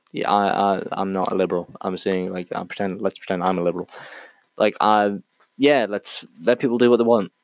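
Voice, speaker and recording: Low-voiced man rambling, dry sound. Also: a little mellow, dry recording, poor audio. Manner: rambling, thinks aloud with many restarts. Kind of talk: casual solo monologue.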